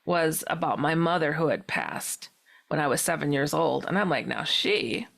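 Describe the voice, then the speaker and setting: A woman guest tells a personal story with lively energy, jumping in and out of quoted dialogue. Her voice carries a gravelly, fry-touched texture. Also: sits low. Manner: acts out dialogue with quick quotes and laughs. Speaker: paranormal author and guest.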